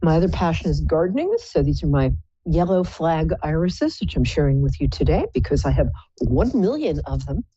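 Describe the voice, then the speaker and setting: A woman's voice: low voice, lively intonation, normal speed, mellow, breathy edge, no echo, lo-fi sound. A woman hosting a live psychic call-in show, chatting in a playful, rambling, self-mocking way. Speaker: psychic radio show host.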